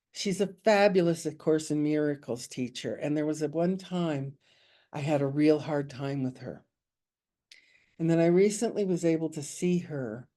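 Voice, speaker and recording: A woman's voice: sits low, dark tone. A woman leading a spiritual study group over a video call, talking in an informal, confiding way and chuckling often. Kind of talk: informal spiritual teaching talk.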